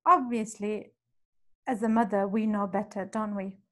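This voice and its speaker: A woman's voice: mid-range voice, steady tone, measured pace. A woman hosting a religious parenting talk, speaking earnestly and instructively and addressing her listeners directly. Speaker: podcast host and parenting speaker.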